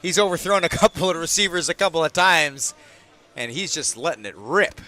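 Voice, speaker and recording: A high-pitched man commentates a game from the booth with a bright, forceful tone. He jokes around between plays and suddenly gets loud when a big catch or throw happens. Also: brisk. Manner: excitable, jokey, bursts loud on big plays. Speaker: sports commentator. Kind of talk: play-by-play commentary with banter. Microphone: booth microphone.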